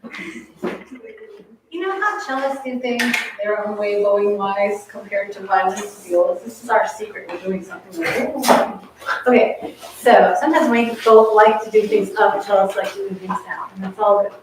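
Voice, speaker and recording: A woman's voice: medium pitch, moderate pace, noisy background. A woman coaching a chamber group in a masterclass, encouraging and chatty, often singing rhythms on nonsense syllables. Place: rehearsal room in a community center. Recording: echoey room, miked from a distance.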